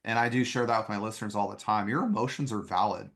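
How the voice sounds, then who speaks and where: A man's voice: fairly low pitch, quick pace, a bit bright. A man hosting a podcast interview, talking in an earnest, reflective way with frequent "um" fillers. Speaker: podcast host.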